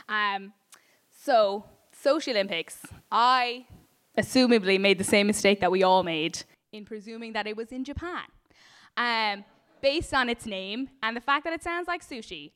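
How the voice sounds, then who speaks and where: A young Irish woman on a comedy panel show, improvising a rambling bit and laughing at her own jokes. Her voice is smooth and clear, sitting a little high. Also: a bit bright. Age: young adult. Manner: rambling, self-mocking, giggly.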